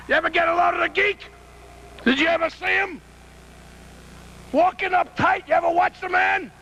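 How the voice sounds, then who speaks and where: A wrestling manager cutting a loud, boastful promo and taunting the interviewer. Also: male voice, extremely high pitch, huge pitch swings, unhurried, pauses often, slight background noise, rough recording.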